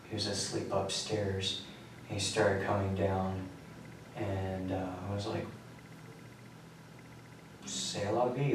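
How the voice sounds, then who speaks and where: A young man speaks low and nearly monotone, halting and detached, with frequent pauses and fillers. He sounds far from the microphone in an echoey interview room. A faint hiss sits under the whole recording. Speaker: suspect giving a police confession.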